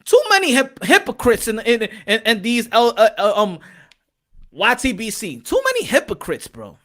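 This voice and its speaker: A man's voice: extremely high pitch, huge pitch swings, moderate pace, fairly bright tone. A man hosting a boxing talk show, ranting heatedly with profanity and repeated phrases. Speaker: boxing commentator.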